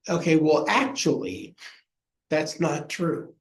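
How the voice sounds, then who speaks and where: A man's voice: on the high side, takes it slowly, a little mellow. A middle-aged male pastor teaching a Bible study in a folksy way, often acting out the voices in the story. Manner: folksy, acts out quoted voices. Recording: echoey room.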